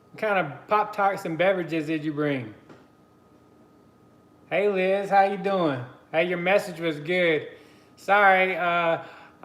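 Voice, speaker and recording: A man's voice: high-pitched, fairly bright tone, reverberant. A man hosting a casual live stream, chatty and greeting his viewers by name between easy laughs. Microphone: computer mic on a live stream.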